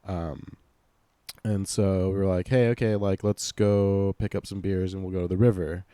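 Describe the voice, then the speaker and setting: A young man telling a long rambling story in casual chat, full of fillers, lively when quoting others. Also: sits low, normal speed, clear, resonant tone, dry recording, clean studio sound. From Los Angeles. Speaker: podcast guest.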